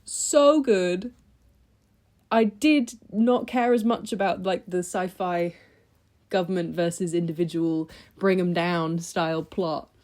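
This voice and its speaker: A woman's voice: on the low side, takes it slowly, a little mellow. A young woman talking through books she read in a chatty, enthusiastic vlog, with lots of ums and restarts. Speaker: book vlogger. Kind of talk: casual book review chat.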